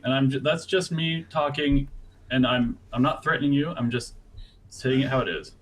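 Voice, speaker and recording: A man's voice: mid-range voice, moderate pace. A young man playing his character in a tabletop game, earnest yet comic, stammering and laughing often. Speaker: player. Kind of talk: in-character tabletop role-play, casual and joking.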